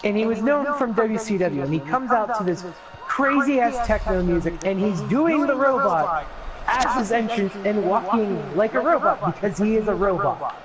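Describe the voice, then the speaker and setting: A man telling a story on a casual podcast, animated and laughing as he goes. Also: high-pitched, normal speed, over a noisy crowd, rough recording. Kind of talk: casual chat.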